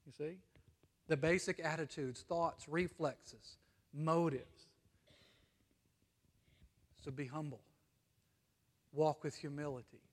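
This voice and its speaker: American pastor preaching in a reverberant hall. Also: male voice, a little high, steady tone, takes it slowly, pauses often. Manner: earnest, swings between emphatic and hushed, frequent "you see?". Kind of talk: sermon.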